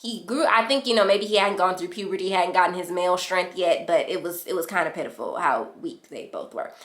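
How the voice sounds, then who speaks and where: A young woman vlogger telling a storytime in casual chat, animated and slangy, acting out what others said. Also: fairly low pitch, fairly quick. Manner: animated, slangy, acts out quotes. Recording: echoey room.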